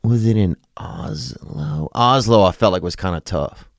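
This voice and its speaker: A man's voice: lowish voice, big pitch swings, a little slow, vocal fry, no echo, clean studio sound. A man from Louisiana, hosting a podcast in a rambling, profane, comedic monologue. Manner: rambling, profane, drawling asides. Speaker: podcast host.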